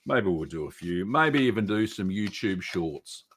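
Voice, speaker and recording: A man's voice: sits low, measured pace, breathy edge. A middle-aged man hosting a live stream, casually answering viewer questions with lots of ums and uhs in a small echoey room. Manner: relaxed, chatty, many ums and uhs.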